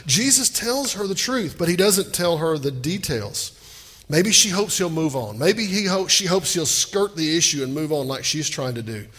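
Husky preacher with a drawl. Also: male voice, on the high side, expressive, normal speed, fairly bright tone. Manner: conversational preaching with rhetorical questions to the congregation. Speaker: pastor. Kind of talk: sermon. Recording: long reverb of a hall.

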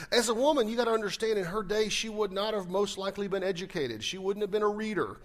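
A male pastor delivering a sermon in a somewhat high voice. He talks to the congregation like a friend, mixing scripture reading with wry, sarcastic asides. His volume swings from loud emphasis to soft, close remarks. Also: fast talker, hardly any pauses.

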